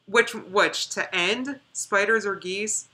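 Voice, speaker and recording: Bright-voiced chatty woman streamer. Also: medium pitch, slow pace, slight background noise. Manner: chatty, rambling, reads out viewer comments. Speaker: live streamer. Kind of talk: casual live-stream chat.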